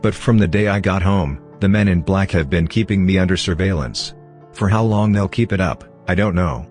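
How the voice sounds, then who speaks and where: Deep-voiced man narrating horror. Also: moderate pace, darkish tone. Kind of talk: scripted first-person horror narration. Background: faint background music.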